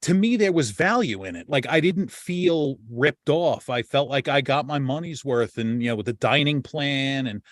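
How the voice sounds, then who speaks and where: A man hosting a podcast, talking in loose, rambling casual chat and dropping curse words as he goes. His voice sits at an ordinary middle pitch. The sound is dry and close, with no room echo. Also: lively intonation, moderate pace, few pauses. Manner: rambling, swears freely, many restarts. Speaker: podcast host.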